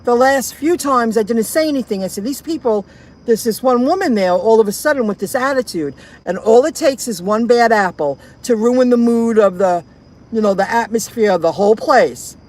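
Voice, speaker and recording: A woman's voice: fairly high pitch, expressive, normal speed, darkish tone. A woman delivery driver ranting in a casual vlog, indignant and repeating herself as she vents.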